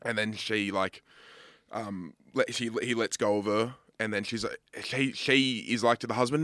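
A man's voice: fairly low pitch, normal speed, fairly bright tone, no room sound, clean studio sound. Sweary young Australian man telling a story. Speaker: podcast co-host. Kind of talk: casual chat.

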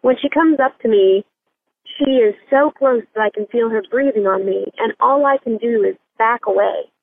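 A woman calls in over a thin, tinny phone line. Her voice sits a bit high, and she sounds earnest and uneasy as she asks for advice. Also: moderate pace, vocal fry, no room sound. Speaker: caller. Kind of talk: reading a listener question.

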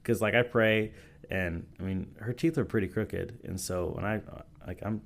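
A man with a deep, low voice talks through stories as a pastor on a podcast. His telling is loose and rambling, full of restarts and fillers like "like" and "you know". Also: normal speed, vocal fry. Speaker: youth and young adults pastor. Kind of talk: casual storytelling in a podcast interview. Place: podcast recording session.

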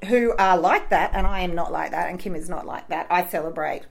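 A woman's voice: fairly low pitch, fairly quick, creaky. Frank woman podcast host. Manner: frank and opinionated. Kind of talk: casual chat.

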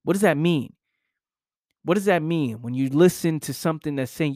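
Young guy ranting motivational stuff, swears a lot, repeats himself, kinda high voice. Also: normal speed, darkish tone, no room sound, clean studio sound. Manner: intense, repetitive, profane, rhetorical questions. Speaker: motivational speaker. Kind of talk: motivational monologue.

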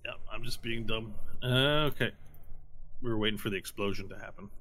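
A man's voice: fairly low pitch, brisk, bright, forceful tone. A man narrating as game master of a tabletop game in a casual, easygoing way, with frequent fillers and easy laughter.

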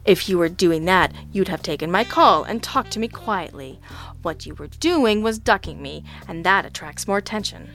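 A woman voicing a calm, courteous male private detective who speaks firmly. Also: lowish voice, moderate pace, faint music behind. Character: brisk, polite adult male private detective.

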